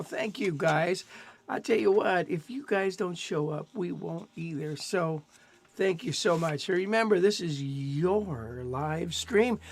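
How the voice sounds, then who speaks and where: An older man hosting a live stream, chatting casually and telling rambling stories with plenty of fillers. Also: fairly high pitch. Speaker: host of a jazz guitar live stream.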